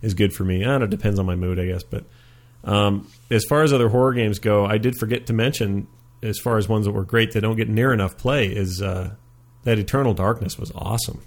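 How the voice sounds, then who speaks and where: A man's voice: on the low side, brisk. A man hosting a casual gaming podcast, chatty and rambling with frequent fillers. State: stuffed up after a sneeze. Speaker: podcast host.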